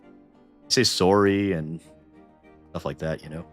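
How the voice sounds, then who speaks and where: A man's voice: low voice, takes it slowly, fairly bright tone, soft background music. A Canadian man with a Canadian accent, streaming and chatting casually over a game, laughing often and swearing when startled. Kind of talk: casual gameplay commentary.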